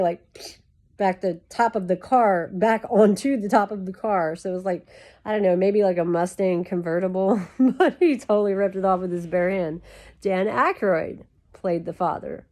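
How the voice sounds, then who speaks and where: A woman's voice: mid-range voice, moderate pace, a little mellow. A woman chatting to camera in a rambling, casual way full of "like" fillers, talking while lying down. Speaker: YouTube creator.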